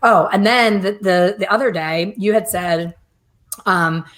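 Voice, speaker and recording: A woman's voice: mid-range voice, unhurried, fairly bright tone. A middle-aged woman telling stories in casual chat, often quoting others in a chatty way. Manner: chatty, storytelling, quotes others. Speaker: hair color educator.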